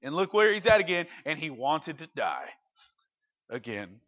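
A man's voice: on the high side, big pitch swings, moderate pace, fairly bright tone, dull audio. A man in his thirties preaching a casual youth sermon, speaking conversationally and animatedly and acting out the quotes. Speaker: youth pastor.

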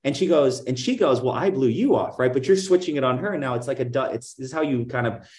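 A man's voice: mid-range voice, quick pace, roomy sound. A middle-aged man, a guest on an interview, talking casually and animatedly about selling, full of fillers and acting out other people's lines. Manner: animated, acts out dialogue in other voices; many fillers like "like" and "right?". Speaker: guest, insurance agency owner.

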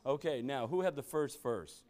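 A man's voice: mid-range voice, animated, moderate pace, a little mellow. A man leading an interactive Bible study, preaching emphatically and firing rhetorical questions at his listeners. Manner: emphatic, keeps asking "you know what?", exclamatory bursts. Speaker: church meeting leader.

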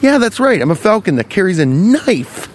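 A man hosting a comedy podcast, rambling through an improvised, profane, deadpan bit while walking along a street. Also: high voice, normal speed. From Cincinnati, US. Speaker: podcast host. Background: faint traffic.

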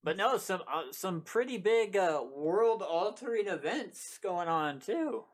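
Excitable, laughing podcast man. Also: high-pitched, measured pace. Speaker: podcast co-host. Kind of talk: casual podcast chat.

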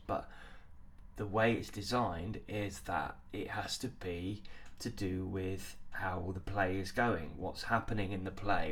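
A man giving a drama lesson, talking haltingly with many ums and restarts. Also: lowish voice, slight background noise. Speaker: acting teacher.

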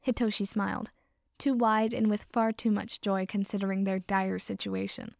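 A woman reading a story aloud with expressive narration. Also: medium pitch, moderate pace, gravelly, no room sound, clean studio sound. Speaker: audiobook reader. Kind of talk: reading fan fiction aloud.

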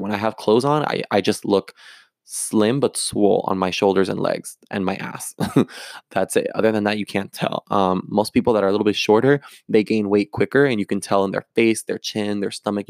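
A man's voice: fairly low pitch, gravelly, a little mellow, dry recording. A young man talking candidly in a rambling confessional vlog, with many fillers and restarts, at times close to tears. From Florida. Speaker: actor and vlogger.

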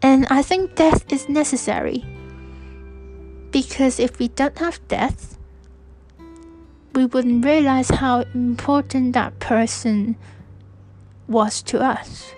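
A young woman from Hong Kong talks through a personal reflection in a soft, hesitant way, often stopping and restarting. Her voice sits a little high and she speaks slowly. Faint music plays underneath. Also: rough recording. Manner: soft-spoken, hesitant, with frequent restarts and fillers. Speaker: podcast host.

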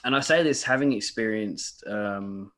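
A man's voice: fairly low pitch, measured pace, a bit bright. A man co-hosting a casual podcast, rambling and swearing with lots of fillers and restarts. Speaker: podcast co-host. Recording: roomy echo.

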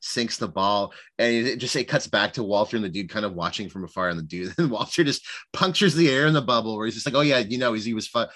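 Guy chatting about a movie, lowish bright voice, lots of "you know"s. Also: animated, quick pace. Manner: rambling, many fillers, acts out quotes. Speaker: podcast co-host. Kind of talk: casual film discussion.

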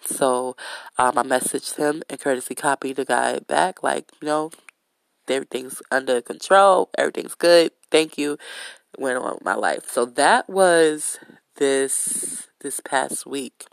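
A woman hosting a podcast, telling a story in a casual, blunt way with heavy swearing and lively retelling. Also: very deep voice, measured pace, gravelly, no room sound. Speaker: podcast host.

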